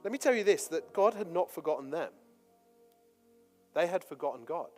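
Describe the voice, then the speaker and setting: A male preacher delivering a sermon, moving between forceful scripture reading and relaxed, chatty asides. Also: fairly high pitch, moderate pace, long reverb tail, faint music behind. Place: church hall.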